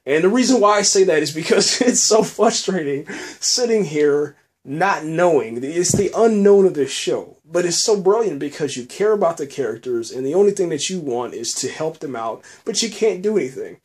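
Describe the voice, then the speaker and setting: A man hosting a podcast, recapping a TV episode in an excited, casual way, often chuckling and saying "man" between phrases. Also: fairly high pitch, moderate pace. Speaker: podcast host reviewing a TV episode.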